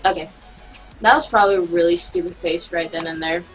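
A woman giving casual gameplay commentary as a channel host, excitable and self-mocking, with quick outbursts. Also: fairly low pitch, faint music behind.

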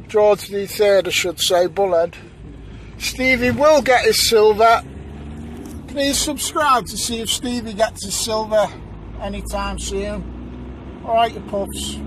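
Jokey high-voiced man outdoors. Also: fairly bright tone, a little hiss or hum. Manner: jokey, banters with mates. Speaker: metal detecting vlogger. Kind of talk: casual outdoor vlog chat. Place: outdoors in fields.

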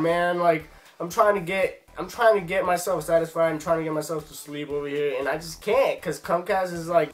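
Young dude ranting on his vlog, kinda high voice, sick and coughy, swears a lot, faint music behind. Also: fairly bright tone. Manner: frustrated, swearing, rambling with many fillers. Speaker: vlogger.

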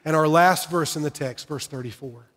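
A man's voice: fairly high pitch, moderate pace, a bit bright, in a large hall. A middle-aged man preaching a sermon in church, telling personal stories in an earnest, heartfelt way. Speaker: pastor. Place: church sanctuary.

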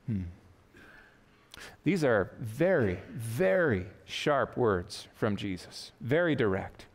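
A pastor preaching an earnest, emphatic sermon in a church. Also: male voice, medium pitch, very animated, slow pace, big-room sound. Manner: earnest, emphatic preaching with quotes read aloud. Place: church sanctuary.

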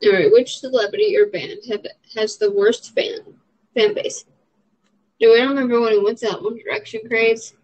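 A woman's voice: fairly high pitch, very animated, moderate pace, a little mellow. A young adult woman in a casual vlog, answering question prompts in a rambling, frank way with lots of fillers. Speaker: vlogger. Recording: dull lo-fi audio.

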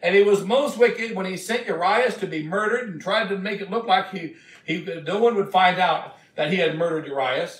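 A man preaching a sermon as a bishop, retelling scripture in a slow, emphatic storytelling way. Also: sits high. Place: church. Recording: echoey church from a distant mic.

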